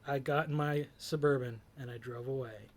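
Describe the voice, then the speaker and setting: A host reflects on a song's lyrics in a mid-range, steady voice at a moderate pace. His commentary is thoughtful but hesitant, full of fillers and restarts.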